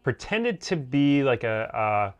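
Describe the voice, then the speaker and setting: A man's voice: mid-range voice, sing-song, slow, clean tone, highs cut off. Rambling man chatting about a series. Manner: rambling, heavy on fillers and restarts. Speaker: co-host of a TV review show. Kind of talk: casual review chat.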